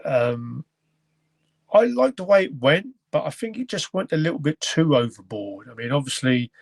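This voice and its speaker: A man's voice: a little high, big pitch swings, normal speed, gravelly, no echo. A man hosting a casual film review chat. He rambles and often stops to search for words. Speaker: podcast host.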